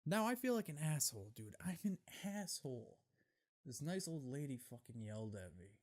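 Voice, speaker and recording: A young man hosting a casual solo podcast, telling stories in a profane, rambling, animated way, recorded on camera. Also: a little high, normal speed. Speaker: podcast host.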